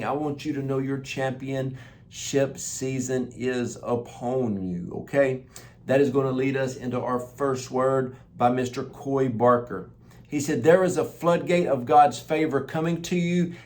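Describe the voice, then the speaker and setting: Male host, mid-pitched, delivering prophetic words with upbeat, emphatic preaching energy. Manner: exuberant, emphatic, repeats phrases for emphasis.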